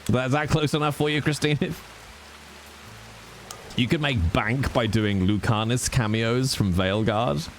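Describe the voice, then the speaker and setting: A man's voice: mid-range voice, measured pace, pauses often, a little hiss or hum. A male livestreamer chatting casually with his viewers in a teasing, mock-exasperated way. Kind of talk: casual chat with stream viewers.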